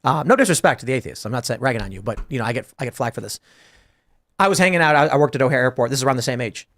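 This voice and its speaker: A man's voice: medium pitch, animated, racing, fairly bright tone. A man hosting a casual panel talk show, telling a story and acting out both sides of a conversation. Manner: thinking aloud through abstract ideas. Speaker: podcast host.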